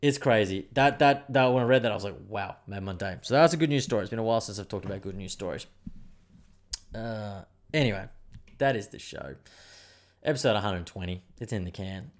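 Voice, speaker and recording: A man hosting his own podcast, telling a news story in a rambling, animated way with plenty of swearing. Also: lowish voice, fairly quick. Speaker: podcast host. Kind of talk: casual solo podcast rant.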